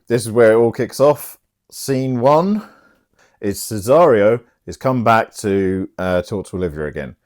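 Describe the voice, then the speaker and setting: Bloke chatting thru a plot, cheeky and sweary, low voice. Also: male voice. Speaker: host. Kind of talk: casual comic plot retelling.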